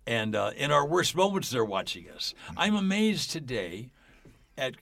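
An older man guesting on a faith podcast shares stories with great enthusiasm, performing the characters' lines himself. Very animated yet measured in pace, his medium-pitched voice is gravelly and fairly bright, with no echo.

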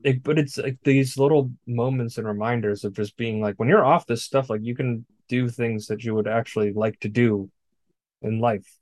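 A man's voice: medium pitch, fairly even intonation, normal speed, darkish tone, no echo. A man co-hosting a podcast, recapping a film in casual chat, blunt and profane. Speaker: podcast co-host. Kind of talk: casual movie discussion.

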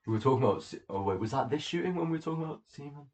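A man's voice: mid-range voice, lively intonation, rapid-fire, husky. A teenage boy co-hosting a homemade podcast, joking and rambling in casual chat on a home microphone. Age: teens. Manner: jokey, rambling, laughs often. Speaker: podcast co-host.

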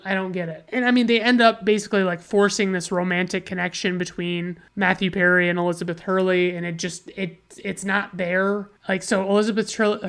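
A woman casually reviewing a movie, sarcastic and profane, often restarting her sentences. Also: medium pitch.

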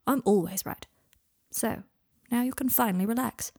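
A woman's voice: a little high, normal speed, mellow. A woman voicing a self-assured, teasing young man who performs on camera, in a fan-fiction audiobook reading. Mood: smug.

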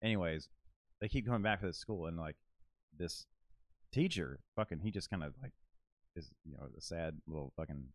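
Casual male podcaster, low voice, dry close mic, rambling and profane. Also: moderate pace, pauses often, no room sound. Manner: rambling, filler-heavy, profane storytelling. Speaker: podcast co-host.

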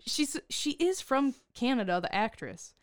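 Giggly woman with a smooth voice. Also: high-pitched, sing-song, measured pace, dry recording, studio quality. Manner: giggly, chatty, laughs often. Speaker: podcast co-host. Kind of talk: casual chat recapping a movie.

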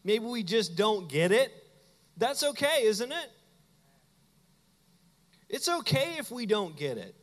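The high-pitched pastor takes on a sing-song lilt as he preaches to his congregation. Playful and conversational, he acts out quick asides, and the church sanctuary lends his voice a long hall reverb.

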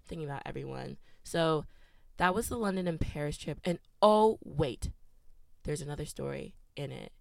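A woman's voice: low voice, animated, normal speed, gravelly, no room sound. A young woman co-hosting a podcast, telling a travel story in a chatty way with lots of "like". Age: young adult. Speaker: podcast co-host. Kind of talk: casual chat.

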